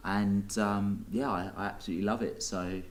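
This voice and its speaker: A man's voice: fairly low pitch, fairly even intonation, moderate pace. A young man with an Essex accent, a guest coach talking cheerfully in an interview, laughing often. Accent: Essex English. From Essex, England. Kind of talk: casual interview chat.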